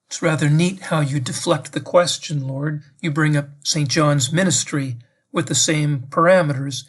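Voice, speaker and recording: A man's voice: fairly high pitch, moderate pace, a bit bright. Reflective man praying aloud to the Lord. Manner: addresses the Lord directly, reflective and questioning. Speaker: priest giving a meditation. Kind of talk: prayerful spoken meditation.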